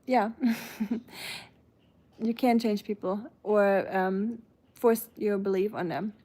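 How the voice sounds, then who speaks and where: A woman's voice: medium pitch, fairly even intonation, takes it slowly, warm tone. Chatty German-accented woman streamer. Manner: chatty, reads out and answers chat comments. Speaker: live streamer. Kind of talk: casual live-stream chat.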